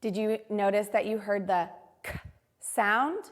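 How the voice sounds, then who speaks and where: A woman teaching a phonics lesson to young children, modeling each word carefully and slowly. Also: medium pitch.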